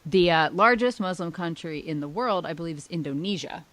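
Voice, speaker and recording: A woman co-hosting a casual political chat podcast, sarcastic and quick to mock opposing views in asides. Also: fairly low pitch, a bit bright. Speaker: podcast co-host.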